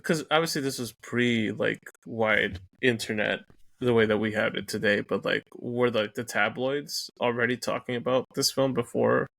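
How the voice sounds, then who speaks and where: A man with a mid-range, gravelly voice, recorded dry and close, talks as a podcast guest. He is relaxed and thoughtful and often drifts into asides. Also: mid-range voice, moderate pace, dry recording. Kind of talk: casual film review chat.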